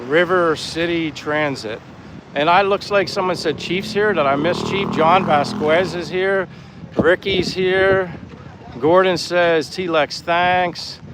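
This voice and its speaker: Chatty American man on an outdoor walk. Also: a little high. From Pennsylvania, USA. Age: 50s. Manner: rambling and friendly, reads chat comments aloud. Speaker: vlogger, live-stream host. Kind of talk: casual live-stream chat while walking. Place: outdoors by the sea in a town. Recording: faint outdoor noise, wind on mic. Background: breeze and faint street and boat sounds.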